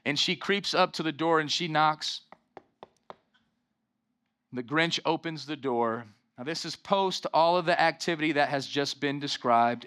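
A man's voice: a little high, sharp tone. A pastor preaching a sermon, emphatic and calling out to his congregation for responses.

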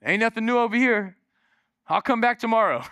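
A man's voice: very high-pitched, animated, brisk, bright, forceful tone, no echo, voice pushed up, exaggerated voice. A man putting on a weary old man who keeps waiting at the temple, talking in a casual, shrugging way. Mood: bored. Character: weary old male temple waiter, plainspoken. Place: church.

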